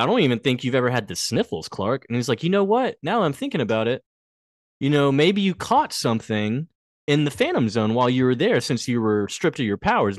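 A man's voice: mid-range voice, no echo, clean studio sound. A man co-hosting a casual podcast, retelling a TV episode and acting out the characters' lines. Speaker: podcast co-host recapping a TV episode. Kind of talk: casual chat.

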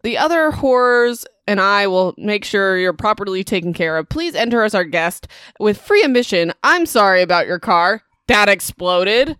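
A theme-park monster who stays eerily courteous and soothing, as a woman reads him. The tone is smooth and even, with a dry, close sound. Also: medium pitch, moderate pace, no echo, close to an everyday voice. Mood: placating. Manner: calm, soothing, customer-service politeness. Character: overly polite costumed park monster greeter.

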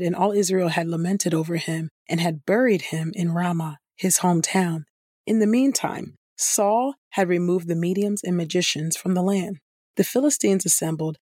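A woman reading scripture aloud in a measured, even manner. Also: fairly low pitch, no room sound, clean studio sound. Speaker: scripture reader.

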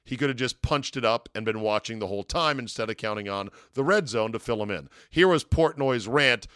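A man's voice: mid-range voice, lively intonation, fairly quick, fairly bright tone, clean tone, dry recording, clean studio sound. A man hosting a sports talk podcast, giving a casual monologue with wry, sarcastic asides from a hotel room.

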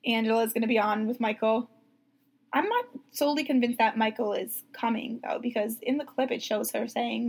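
A young woman co-hosting a podcast in casual chat, animated, acting out quotes and laughing a lot. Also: fairly high pitch, moderate pace, gravelly, slightly rough. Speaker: podcast co-host.

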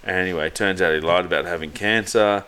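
A man's voice: deep voice, a little fast, bright, forceful tone, clean tone. A man co-hosting a rugby podcast, telling a rambling, sweary story and laughing often. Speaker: podcast co-host. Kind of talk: casual storytelling chat.

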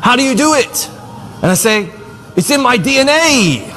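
A comedian playing a brash, boastful self-proclaimed alpha millionaire in a store sketch clip. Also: male voice, very high-pitched, very animated, normal speed, heavily acted. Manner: boastful, loud, repetitive. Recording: clip with music and crowd, long reverb.

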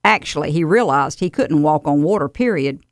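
A woman delivering a scripted radio devotional in an earnest, steady, exhorting manner. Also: low-pitched, fairly quick, no room sound, clean studio sound.

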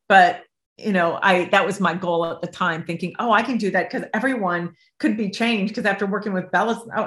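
A middle-aged woman speaks as an interview guest, a life coach sharing a personal story. She brings the dialogue to life, shifting into the voices of the people she describes. Her voice carries a noticeable room echo, at a mid-range pitch. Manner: acts out both sides of remembered dialogue, lively and expressive. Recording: roomy echo.

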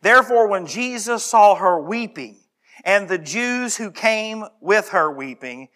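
A man preaching a sermon, reading scripture slowly and moving from calm explanation to impassioned shouting, then back to quiet, earnest appeal. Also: high voice. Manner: reads scripture aloud slowly.

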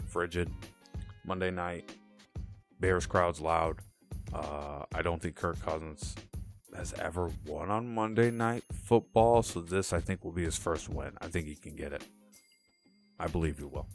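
A man's voice: deep voice, steady tone, moderate pace, soft background music. A man hosting his own sports podcast, talking casually and rattling off picks with playful catchphrases. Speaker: podcast host.

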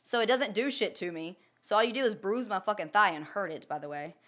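A woman's voice: medium pitch, a little fast, fairly bright tone. A young woman casually telling a personal story. She talks bluntly, swears freely and keeps checking in with "okay?".

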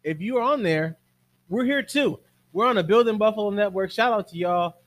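A man co-hosting a casual sports podcast, relaxed and quick to chime in with agreement. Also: high voice, no room sound. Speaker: podcast co-host.

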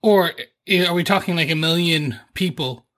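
A man co-hosting a podcast, animated and jokey, musing aloud with questions in casual chat. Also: a little high, moderate pace. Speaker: podcast co-host.

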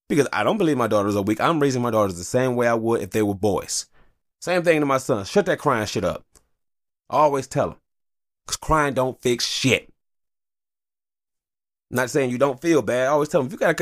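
Animated, profane man ranting on his podcast. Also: medium pitch, a little fast, long pauses, no room sound, clean studio sound. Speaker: podcast host. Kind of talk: casual podcast monologue.

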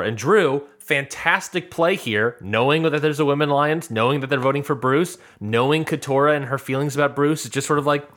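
A man's voice: mid-range voice, a little fast, a bit bright. A man co-hosting a podcast, chatting casually and animatedly as he recaps episodes and acts out what people said. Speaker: podcast co-host.

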